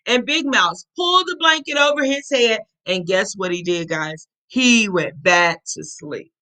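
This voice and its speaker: A woman reading a children's storybook aloud, animated and often asking her young listeners questions. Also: medium pitch, unhurried, poor audio.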